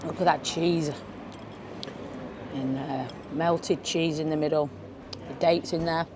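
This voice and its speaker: Low-pitched and steady, this woman speaks slowly amid the noise of a busy restaurant crowd. She's a food vlogger tasting tapas at a beachfront spot, casually commenting and humming approvingly with every bite.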